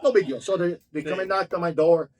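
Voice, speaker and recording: A man telling a story in a casual interview, profane and excitable, repeating himself as he goes. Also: high voice, fast talker. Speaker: restaurant owner telling his story.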